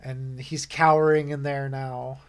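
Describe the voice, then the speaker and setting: A man acting as game master for an online tabletop game, unhurried and rambling, often correcting himself. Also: mid-range voice, level tone, clean tone. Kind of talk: narrating a tabletop game over a call.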